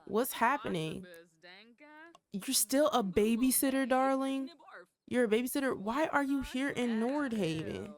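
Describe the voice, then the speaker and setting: A woman's voice: mid-range voice, lively intonation, unhurried. A woman voicing an irate young woman demanding answers. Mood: exasperated. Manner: demanding, incredulous questioning. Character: irate young woman confronting her former best friend.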